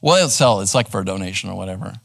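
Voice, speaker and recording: A middle-aged man, a pastor teaching live in church, conversational and animated as he tells a story. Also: sits low, very fast, gravelly, dry recording. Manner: animated, conversational, acts out quoted voices. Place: church sanctuary.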